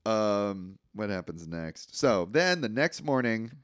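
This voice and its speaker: Animated, profane young man recapping a film. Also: fairly low pitch, takes it slowly, clear, resonant tone, dry recording, studio quality. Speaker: podcast co-host.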